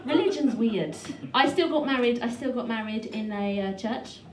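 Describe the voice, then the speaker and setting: A woman in her thirties, heavily pregnant, performs a stand-up set on a small club stage. Her delivery is dry and self-deprecating, with quick restarts. Her fairly high voice rings around a roomy space, picked up from a distance over steady noise. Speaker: stand-up comedian. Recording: echoey club room from far off, noisy.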